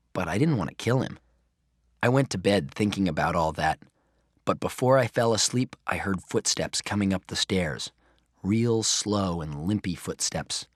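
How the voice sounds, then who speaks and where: A man reading a children's chapter book aloud in an expressive first-person narration. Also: low-pitched, slightly rough, dry recording, clean studio sound. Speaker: audiobook reader.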